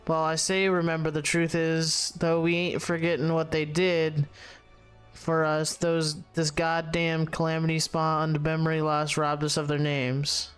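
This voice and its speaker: A gruff, salty tavern keeper, read aloud by a man in a slightly high, clear voice. He trips over the words and starts again as he reads the game's dialogue, with faint game music underneath. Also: completely flat delivery, measured pace, a bit bright. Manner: reads the game text aloud, stumbling and restarting.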